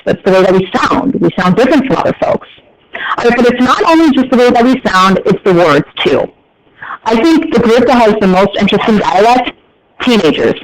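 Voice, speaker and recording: American guy teacher talking to a class, kinda high voice, chatty w/ jokes, noisy recording. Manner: chatty, joking asides to students. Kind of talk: classroom lecture.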